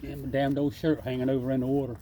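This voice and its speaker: Man, folksy and coaxing, chatting to wildlife outdoors at night; ordinary mid pitch, faint background hiss. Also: flat delivery, fast, mellow. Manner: folksy, teasing, coaxing an animal. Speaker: backyard wildlife feeder. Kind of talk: casual talk to an animal while filming. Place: outdoors at night by a water drum.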